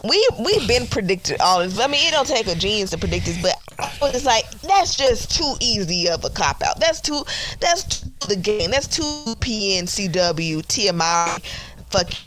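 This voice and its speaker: A woman co-hosting a casual TV recap podcast, ranting heatedly with profanity in fast, emphatic bursts. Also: mid-range voice, big pitch swings, over music, rough recording. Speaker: podcast co-host.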